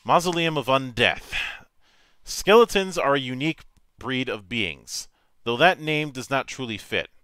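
Man, game master, reading tabletop rules aloud, crisp smooth voice, dry close sound, matter-of-fact. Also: medium pitch, animated, a bit bright, no room sound. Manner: measured, matter-of-fact reading with small stumbles.

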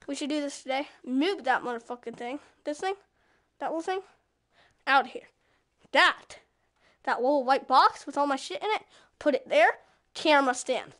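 A young woman loudly commenting on her VR game, swearing often and breaking into frustrated yelling. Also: sits high. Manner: loud, profane, swings into shouting frustration. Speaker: VR gamer. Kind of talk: casual gameplay commentary.

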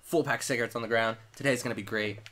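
A man's voice: mid-range voice, steady tone, racing, fairly bright tone. Young man rambling through a story. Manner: rambling storyteller, swears freely. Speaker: gaming co-host. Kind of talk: casual chat while playing a horror game.

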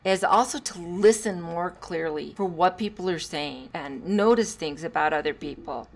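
Woman host telling a lively parenting story. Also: lowish voice, normal speed. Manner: animated, drops to hushed tones and laughs while telling stories. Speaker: podcast host; former teacher. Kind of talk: solo podcast talk.

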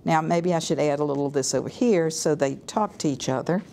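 A woman's voice: low voice, a little fast, gravelly, warm tone, a little hiss or hum. Chatty woman artist painting live. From US South. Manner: chatty, enthusiastic, thinks aloud while painting. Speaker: artist giving a painting demo. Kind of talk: live painting demonstration, casual talk. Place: art studio or gallery room.

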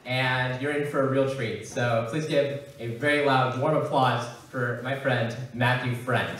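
A young man as emcee of a comedy show, introducing the next comedian in an upbeat, slightly halting way. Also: mid-range voice, flat delivery. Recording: echoey room, distant mic, noise.

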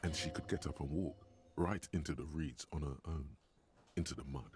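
An actor voicing a deep-voiced male inner narrator in a video game, measured and wry. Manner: measured, wry, hushed at times.

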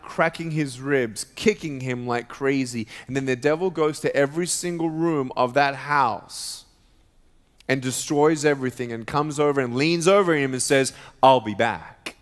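A man's voice: a little high, moderate pace. A man giving an emphatic sermon as guest speaker at a church, storytelling and preaching with rising intensity. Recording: reverberant church hall.

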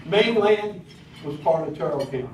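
A man's voice: on the high side, lively intonation, moderate pace, darkish tone, slight background noise. A man in his sixties with a Southern American accent, giving a folksy public speech with hesitant fillers at a breakfast event. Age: 60s. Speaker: county commissioner speaking at a public event. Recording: echoey hall, picked up from a distance. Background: clinking cutlery and dishes.

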